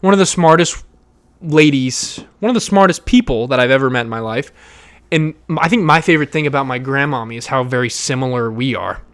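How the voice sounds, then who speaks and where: A young man hosting his own podcast, talking loudly and emotionally in a rambling way, with fillers and swearing. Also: medium pitch, a little fast. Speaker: podcast host. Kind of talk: casual solo podcast monologue.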